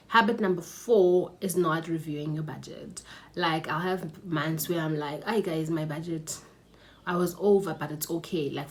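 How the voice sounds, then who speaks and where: Speaking from her mother's house, this young personal finance vlogger with a South African accent chats casually to camera about money habits, laughing a lot and dropping in Zulu words. She has a deep, darkish voice, with a little hiss or hum on the recording.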